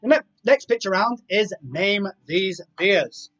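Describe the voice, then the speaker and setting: A man's voice: sits high, lively intonation, takes it slowly, fairly bright tone. A man hosting a live online quiz, reading out multiple-choice options and chatting casually between questions. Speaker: quiz host. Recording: dull lo-fi sound with faint music.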